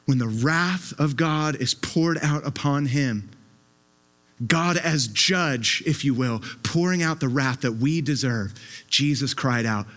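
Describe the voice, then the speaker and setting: A man's voice: medium pitch, slow pace, fairly bright tone, soft background music. A man preaching a sermon with an impassioned, emphatic delivery, often repeating his words as he presses a point.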